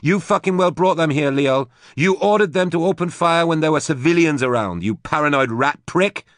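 A man voicing a tough, foul-mouthed young woman who speaks defiantly and forcefully in an audiobook. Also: medium pitch, lively intonation, moderate pace, dry recording, clean studio sound, voice pushed up, close to an everyday voice. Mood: furious. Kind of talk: audiobook character voice.

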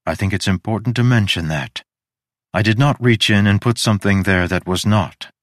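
A man voicing an ageless goddess, measured and faintly wry, in an audiobook reading. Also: on the low side, no room sound, clean studio sound, lightly acted. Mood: calm, frank. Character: ageless woman goddess, cool and frank.

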